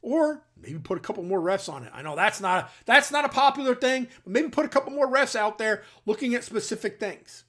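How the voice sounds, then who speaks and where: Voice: mid-range voice, expressive, brisk, few pauses, a bit bright. A middle-aged military veteran from the New York or New Jersey area, hosting his own channel with blunt, emphatic opinion talk aimed straight at his viewers. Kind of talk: opinionated commentary to camera.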